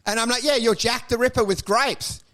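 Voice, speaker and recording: A man's voice: very high voice, brisk, sharp tone. A young adult man, co-hosting a casual comedy podcast, riffing crudely and slipping into mocking voices. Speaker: podcast co-host.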